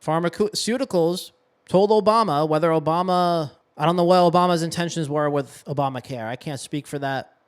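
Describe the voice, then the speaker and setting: A man's voice: a little high, normal speed, smooth. A young adult man from Massachusetts, a podcast host and coach delivering an impassioned, preachy monologue with emphatic stress and blunt swearing. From Massachusetts, USA. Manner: preachy, emphatic, with profanity and self-corrections.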